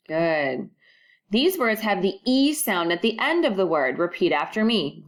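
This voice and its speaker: A woman teaching a recorded first-grade phonics lesson, modeling sounds clearly and prompting children to repeat after her. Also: mid-range voice, big pitch swings, a little slow.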